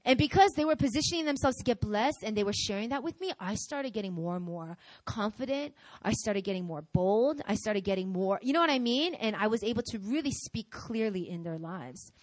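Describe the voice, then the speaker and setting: A middle-aged woman pastor preaching a sermon in an animated way, acting out voices as she tells examples. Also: mid-range voice, brisk, hardly any pauses, no echo. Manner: animated, acts out quoted voices.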